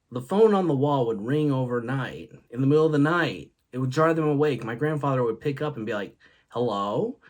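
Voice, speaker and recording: Man young male host, rambling jokey storyteller, animated up-and-down delivery, laughs at himself. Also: medium pitch. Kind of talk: casual solo talk video.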